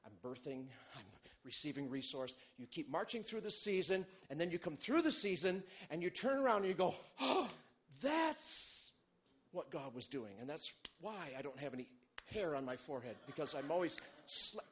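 Husky man preaching with lively swings. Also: on the high side, a little fast. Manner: animated, humorous preaching with big swings in loudness. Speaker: pastor. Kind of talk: sermon.

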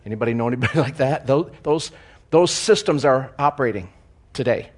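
A man preaching a sermon, swinging between loud emphasis and quiet joking asides, chuckling at his own lines. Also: medium pitch, fairly quick.

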